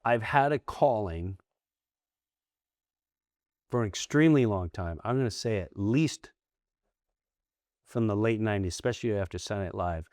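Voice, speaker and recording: Comedian guy in his middle years telling stories, kinda low voice, no room echo, throws in impressions. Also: normal speed, long pauses, clean studio sound. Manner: animated, acts out quoted voices, restarts often. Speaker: comedian guest. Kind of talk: candid storytelling interview.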